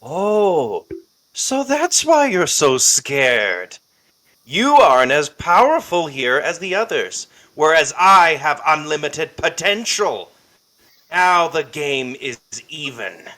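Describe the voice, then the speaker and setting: A man voicing a defiant male hero who taunts a villain boldly and loudly. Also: fairly high pitch, big pitch swings, slow pace, voice pushed up, full character voice. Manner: bold, loud, taunting.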